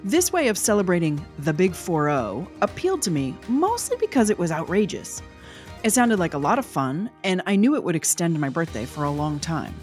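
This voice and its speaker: A woman in her forties hosting a podcast, talking in a reflective, storytelling way with a gravelly, nasal voice from a cold. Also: on the low side, very animated, moderate pace, darkish tone, faint music behind. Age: 40s. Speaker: podcast host. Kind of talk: podcast intro narration and interview.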